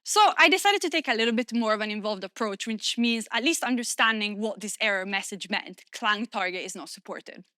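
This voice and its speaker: A woman whose first language is Italian, giving a lively, self-deprecating conference talk in English with many fillers. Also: on the high side, fairly quick, few pauses, no room sound, studio quality. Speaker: conference speaker.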